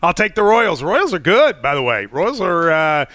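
Bright-voiced animated man picking games. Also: sits high, no room sound. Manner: animated, playful, quick to argue. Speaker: sports show co-host. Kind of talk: casual sports chat.

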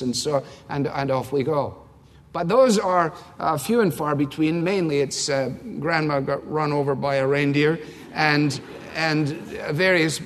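A man preaching a sermon as pastor, emphatic and fond of repeating key phrases for effect. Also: mid-range voice. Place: large church sanctuary. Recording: long reverb of a large hall.

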